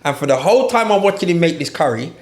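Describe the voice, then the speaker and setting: A man's voice: on the high side, fast talker. Storytelling man acting out reactions. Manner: animated storyteller, acts out his own reactions. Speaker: podcast host. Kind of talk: casual podcast chat, storytelling. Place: podcast studio.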